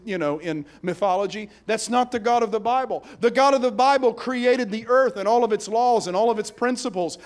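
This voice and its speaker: A man preaching a sermon, swinging between hushed passages and loud emphatic ones. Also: sits high. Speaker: pastor.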